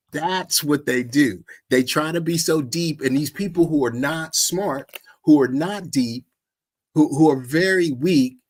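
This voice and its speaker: A man preaching in a loose, storytelling way, animated and mocking, often acting out what others said. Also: a little high, a little slow, breathy edge. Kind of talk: informal sermon with storytelling.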